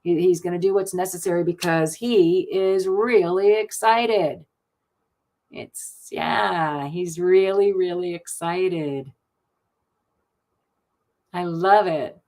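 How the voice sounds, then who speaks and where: A woman's voice: lowish voice, takes it slowly, long pauses, darkish tone. A middle-aged woman hosting a live card reading stream, chatty and gushing, laughing often.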